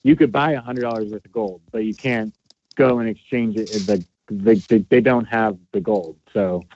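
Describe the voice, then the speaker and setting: A man's voice: fairly low pitch, fairly even intonation, normal speed, a little mellow, dull audio, slight background noise. Frank man explaining in casual talk. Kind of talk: casual conversation.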